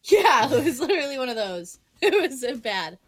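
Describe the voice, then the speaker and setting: A woman's voice: high voice, big pitch swings, brisk. A woman co-hosting a podcast in casual chat, blunt and teasing, often laughing. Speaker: podcast co-host.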